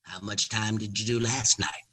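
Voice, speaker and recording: A man putting on the voice of a famous male comedian, speaking calmly and grandly. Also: lowish voice, pitched below the performer's own voice, low-quality recording. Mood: cool. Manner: slow, calm, lordly. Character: famous male comedian, cool, unhurried, regal.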